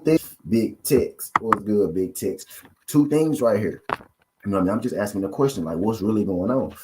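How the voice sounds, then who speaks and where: A man's voice: on the low side, expressive, a little fast, background noise. A man hosting a boxing channel, giving a casual, repetitive commentary rant full of rhetorical questions to his viewers.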